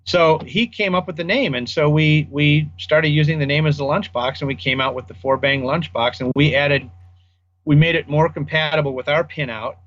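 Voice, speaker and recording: A man's voice: fairly high pitch, normal speed, a bit bright, dull audio. An older man, a guest audio designer, casually telling rambling anecdotes in an interview and acting out the people he quotes.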